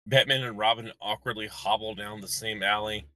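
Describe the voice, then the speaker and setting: A man's voice: on the low side, steady tone, moderate pace, sharp tone, no room sound. A man co-hosting a podcast, making wry remarks and laughing often. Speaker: podcast co-host. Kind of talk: casual recap chat.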